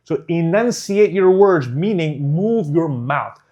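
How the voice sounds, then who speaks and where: A male speaking coach talks in a slightly high, very lively voice. He over-enunciates every syllable, leans on key words and drops in short pauses as he teaches. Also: dull audio. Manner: deliberate, over-enunciated, emphatic. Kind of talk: instructional course.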